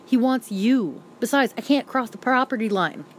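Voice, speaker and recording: A woman voicing a worried, protective mother in an audiobook reading, giving measured and deadly serious instructions. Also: a little high, expressive, slight background noise, pitched above the performer's own voice, natural voice. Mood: pleading.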